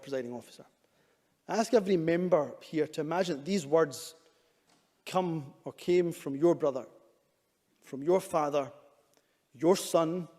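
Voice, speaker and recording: In a large debating chamber with long reverb, a government minister delivers an earnest, emphatic formal speech to parliament. His voice is fairly high and a little mellow, and he keeps repeating urging statements.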